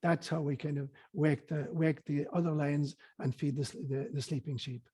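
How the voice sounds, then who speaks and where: Male guest, earnest storyteller, husky and a bit high. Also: steady tone, normal speed, warm tone. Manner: earnest, hesitant fillers, storytelling. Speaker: guest speaker on spirituality. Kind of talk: reflective storytelling interview.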